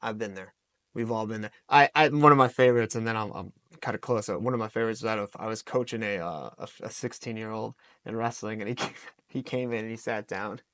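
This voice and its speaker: A man in his forties, a coach talking as a podcast guest, telling lively stories and acting out the things he says to his fighters. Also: fairly low pitch, fast talker, dry recording. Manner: animated, storytelling with acted-out quotes. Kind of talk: podcast interview answers.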